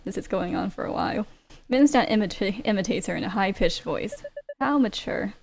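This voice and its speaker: A woman streamer reading a visual novel aloud with quiet, wry commentary. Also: medium pitch, animated, fairly quick, vocal fry, faint music behind.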